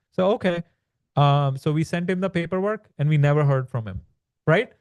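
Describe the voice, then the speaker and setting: A man's voice: a little high, moderate pace, darkish tone, no room sound. A man, a guest entrepreneur, explaining his sales principles in a casual interview, talking loosely with fillers and restarts. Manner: conversational, many fillers and restarts.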